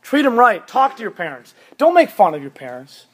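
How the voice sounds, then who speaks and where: Man, 30s, youth pastor, fairly high voice, emphatic sermon, repeats his points. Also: sing-song, a little fast. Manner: emphatic, repeats commands for stress.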